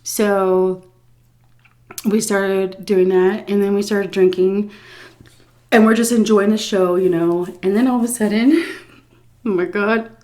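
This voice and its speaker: A woman's voice: medium pitch, steady tone, takes it slowly, pauses often, darkish tone. A woman vlogger telling a casual story-time tale, laughing often, blunt and profane, and embarrassed at herself. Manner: self-mocking, embarrassed confessional tone.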